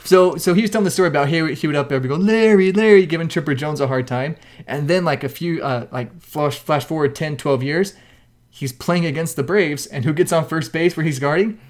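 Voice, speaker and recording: Brief: male co-host, lively storyteller, higher-pitched voice, bursts into shouted impressions. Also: a little fast. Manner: animated, acts out quotes with loud shouts. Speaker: podcast co-host. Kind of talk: casual chat, animated storytelling.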